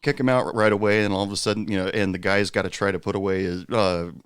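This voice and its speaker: A man's voice: lowish voice, fairly even intonation, quick pace, clean tone, no room sound, studio quality. A man hosting a podcast, chatting casually and swapping bar stories in a laid-back way. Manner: laid-back, lots of fillers, laughs along. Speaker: podcast host, former bartender.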